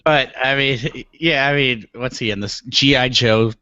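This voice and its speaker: Man, middle pitch, dry wry podcast chat, dull dead-room sound. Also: unhurried, bright, forceful tone, clean tone, dry recording. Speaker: podcast co-host. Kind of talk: casual chat.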